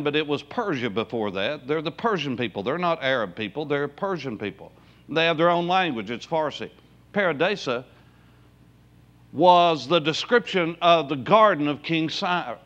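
A man's voice: a little high, a bit bright, highs cut off. Emphatic man preaching a sermon. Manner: preaching with emphatic rises and drawn-out words. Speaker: pastor. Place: church sanctuary.

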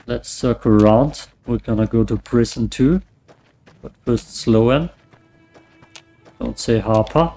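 A man casually commenting on his own gameplay, muttering to himself and swearing often, his voice getting hoarse. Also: medium pitch, slow, long pauses, mellow, soft background music. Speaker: let's play gamer.

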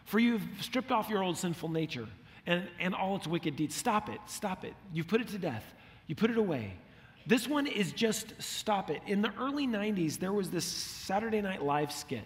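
A man's voice: high voice, big pitch swings, normal speed. A middle-aged man preaching a sermon as a pastor, telling stories with animation and acting out the lines he quotes. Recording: long hall reverb.

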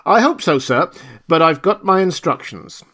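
A man's voice: on the high side, animated, moderate pace, fairly bright tone, breathy edge, pitched above the performer's own voice. A man reading an audiobook, voicing a stubborn, dutiful village constable.

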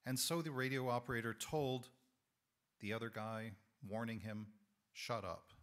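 This is a hoarse lay preacher, a man whose voice is failing, speaking reflectively from a church sanctuary. His tone sits mid-range and a little bright, and he proceeds thoughtfully and steadily, correcting himself in small ways.

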